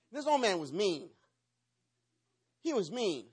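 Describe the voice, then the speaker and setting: A man's voice: high-pitched, sing-song, measured pace, breathy edge. A man preaching a sermon, telling a playful, dramatic story and acting out the parts. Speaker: pastor.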